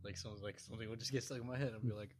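A man's voice: on the low side, fairly even intonation, rapid-fire, crowd noise. A young man co-hosting a music podcast, talking casually with blunt opinions, teasing and frequent swearing. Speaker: podcast co-host. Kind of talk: casual chat.

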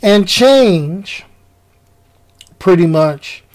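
Casual male vlogger: slangy, animated storyteller who talks straight to camera. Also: extremely slow, low-quality recording. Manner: animated, slangy, jumps up in pitch for emphasis.

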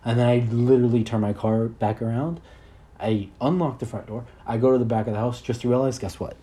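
A man's voice: mid-range voice, steady tone, brisk, dark tone. A man in his early twenties hosting a solo podcast, rambling in a crude, self-deprecating way. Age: 20s. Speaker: podcast host.

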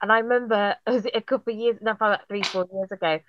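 Woman, casual chat, expressive storyteller, dry close sound, slightly dull lo-fi audio. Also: mid-range voice, no room sound. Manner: animated storyteller, quick and expressive.

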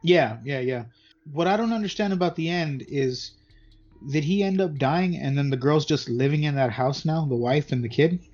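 A man's voice: a little high, moderate pace, a little mellow. A man in casual chat, easygoing and agreeable. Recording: dull lo-fi with faint music.

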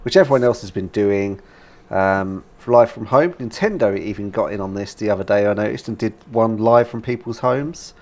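A man with a British accent co-hosting a casual gaming podcast, animated and laughing often as he talks. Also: lowish voice, moderate pace. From Britain. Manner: animated, laughs while talking, many fillers. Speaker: podcast co-host.

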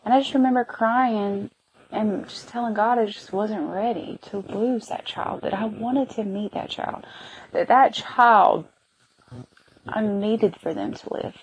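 A woman in her thirties telling a personal story on her podcast in an emotional, halting way, feeling sick and worn. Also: mid-range voice, slight background noise. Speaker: podcast host.

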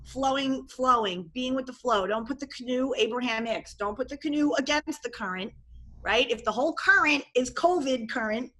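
A woman life coach talking casually in an interview, animated and expressive, often acting out what she and others said. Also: high-pitched, a little fast. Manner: animated and expressive, acts out quoted voices.

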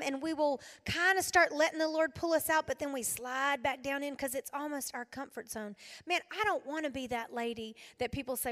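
Animated woman preaching in a reverberant hall. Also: high voice, moderate pace, few pauses. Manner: animated, shifts between loud exclaiming and hushed soft delivery. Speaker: speaker at a women's gathering. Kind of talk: sermon. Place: hall addressed to an audience.

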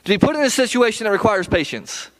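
A man's voice: high-pitched, big pitch swings, quick pace, fairly bright tone. A man preaching a sermon as pastor, reading scripture and talking in a conversational, pleading way, often repeating and restarting words.

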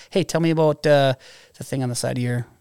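A man's voice: medium pitch, steady tone, moderate pace, darkish tone, clear, resonant tone, no echo, studio quality. A man hosting a podcast, asking questions in a laid-back, friendly, casual way. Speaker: podcast host. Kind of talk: casual interview chat. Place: podcast studio.

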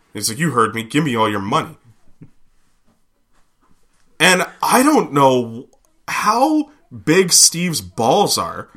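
A man from Canada, telling rambling, profane stories on a casual podcast. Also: on the high side. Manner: animated, profane, rambling with fillers. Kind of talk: casual storytelling.

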